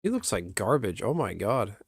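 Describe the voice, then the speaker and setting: A man's voice: lowish voice, big pitch swings, normal speed, vocal fry, slightly rough, dry recording, clean studio sound. A young man streaming from home, rambling bluntly in casual chatter and swearing freely.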